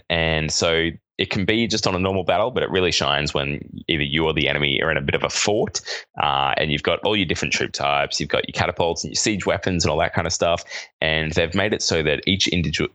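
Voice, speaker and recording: A man's voice: a bass voice, fairly quick, pushed and bright, dry recording. A man in his thirties with an Australian accent, co-hosting a casual podcast chat and rambling with lots of hesitations. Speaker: podcast co-host.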